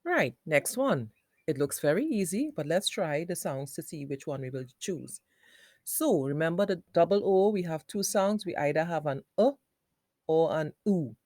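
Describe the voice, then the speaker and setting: A woman teacher giving a phonics lesson for young children, sounding out words slowly in parts. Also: sits low, expressive, darkish tone, no room sound, studio quality.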